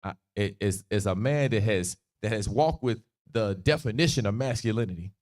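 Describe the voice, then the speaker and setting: Slangy, animated man teaching scripture. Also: fairly low pitch, moderate pace. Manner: slangy, laughs easily, acts out quotes. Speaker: Bible study teacher. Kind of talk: casual livestreamed Bible teaching.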